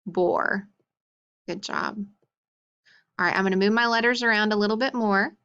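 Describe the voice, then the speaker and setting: A woman teaching a phonics lesson to young children, slowly sounding out letters and praising each answer. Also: mid-range voice, fairly bright tone, clean tone, highs cut off. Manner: slow, encouraging, sounds out letters.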